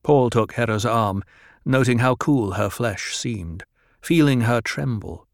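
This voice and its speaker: A man narrating an audiobook in a calm, measured reading style. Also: mid-range voice, creaky, dry recording, clean studio sound. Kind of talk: scripted narration.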